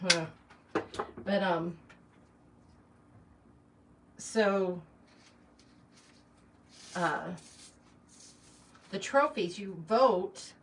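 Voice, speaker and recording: A middle-aged woman chatting casually while she arranges flowers, rambling with lots of fillers and asides. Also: fairly low pitch. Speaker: shop owner hosting a live chat. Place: small shop or home workspace, indoors. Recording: distant mic, faint background noise.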